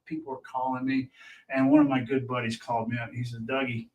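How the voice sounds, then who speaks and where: A man's voice: mid-range voice, steady tone, a little fast. Rambling man telling stories, off-mic. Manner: rambling, with many restarts and fillers. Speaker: pit crew member, guest. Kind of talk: casual storytelling on a racing talk show. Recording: from a distance.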